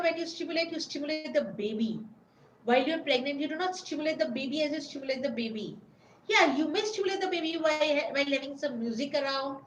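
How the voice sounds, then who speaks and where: A woman with a high-sitting voice hosts a prenatal parenting webinar, answering viewers' questions earnestly and instructively and speaking directly to expectant mothers. The low-quality recording is reverberant, with a little hiss or hum.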